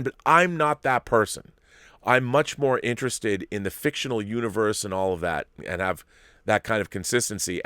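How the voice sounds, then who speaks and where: A man's voice: fairly low pitch, fairly bright tone, no room sound, clean studio sound. A man hosting a commentary show, ranting emphatically and animatedly about a series he dislikes. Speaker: host. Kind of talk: opinionated commentary.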